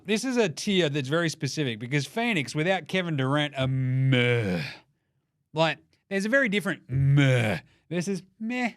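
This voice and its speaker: Aussie guy ranting about basketball teams, high voice, bounces all over, teasing and silly. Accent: Australian. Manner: animated, mocking, quick jokey asides. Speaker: basketball commentator. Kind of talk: comedic sports ranking rant.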